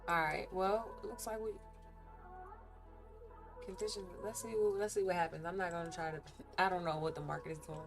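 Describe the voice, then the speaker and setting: A woman's voice: lowish voice, fairly even intonation, a little fast, pauses often, music in the background. A woman livestreaming her day trading, chatting candidly and animatedly with viewers about her ups and downs. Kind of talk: casual live-stream chat while trading.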